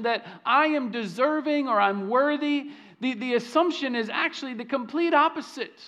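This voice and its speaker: A pastor preaching a sermon with lively delivery, repeating words and swinging from loud emphasis to hushed lines. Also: male voice, extremely high pitch, moderate pace, hardly any pauses.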